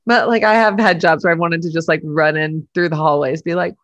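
Gravelly woman co-host, laughs a lot, swears, dry sound. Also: fairly low pitch, brisk, no room sound, dull audio. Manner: animated, laughs often, swears, yells quoted lines. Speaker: podcast co-host. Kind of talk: casual chat.

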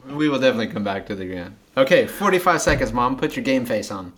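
A man's voice: medium pitch, expressive, fast talker, fairly bright tone. Playful male host, teasing and laughing. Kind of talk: casual chat, quick-fire questions.

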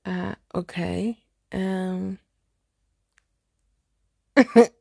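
A young woman from Zimbabwe with a Zimbabwean accent, hosting a podcast and telling a dating story in a chatty, animated, exclamatory way. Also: on the low side, a little slow, pauses often, no room sound, studio quality. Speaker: podcast host. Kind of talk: casual storytelling monologue.

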